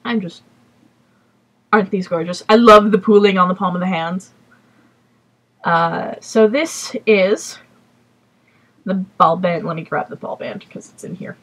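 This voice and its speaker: A woman hosting a casual crafting podcast from home, talking in a chatty, rambling way with quick apologetic asides. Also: lowish voice, fairly bright tone, slightly rough. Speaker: podcast host. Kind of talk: casual chat.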